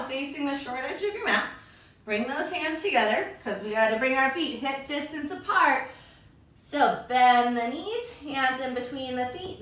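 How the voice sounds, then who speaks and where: A woman's voice: high-pitched, sharp tone. A woman leading a children's yoga class, upbeat and encouraging, calling the kids her friends. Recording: very echoey room, voice from far off.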